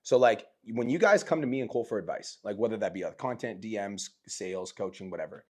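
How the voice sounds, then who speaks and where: A man with a husky, fairly low voice, rattling his words off at a fast clip. His podcast talk is profane and heated. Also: a little mellow. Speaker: podcast host.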